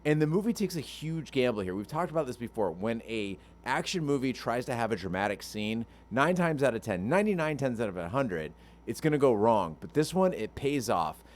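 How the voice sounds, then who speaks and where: A man co-hosting a movie podcast, reading a plot summary and then giving measured commentary with dry humor. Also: mid-range voice, big pitch swings. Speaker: podcast co-host.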